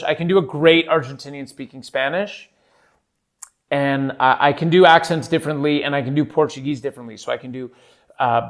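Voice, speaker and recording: A man hosting a podcast, joking his way through a comedic monologue in broken English with a put-on foreign accent and many hesitant fillers. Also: a little high. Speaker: podcast host.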